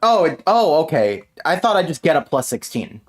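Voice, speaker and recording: A man's voice: fairly high pitch, big pitch swings, moderate pace. A man playing a tabletop game, chatting casually, laughing and teasing often. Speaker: player.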